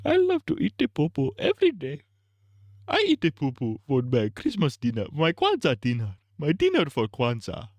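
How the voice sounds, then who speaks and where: A man doing a shrill, whiny mock-Nigerian accent impression that starts high and swoops low, as a livestream comedy bit. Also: huge pitch swings, measured pace, pauses often, darkish tone, no echo, full character voice. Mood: gleeful.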